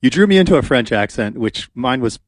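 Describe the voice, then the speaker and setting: A man's voice: medium pitch, animated, fairly quick, no echo, studio quality. A man hosting a radio talk show, talking casually and chattily with frequent fillers. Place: radio studio. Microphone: studio microphone.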